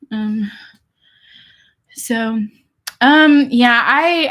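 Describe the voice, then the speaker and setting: A young woman from England with no trace of an English accent, chatting casually on a livestream, often laughing and answering viewers' comments. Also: mid-range voice. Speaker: online seller doing a livestream.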